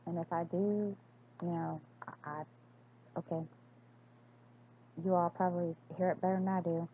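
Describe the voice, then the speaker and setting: A woman's voice: lowish voice, flat delivery, normal speed, narrow, tinny audio, a little hiss or hum. A woman chatting casually through an accent tag video, hesitant and full of fillers and restarts. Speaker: crafting vlogger.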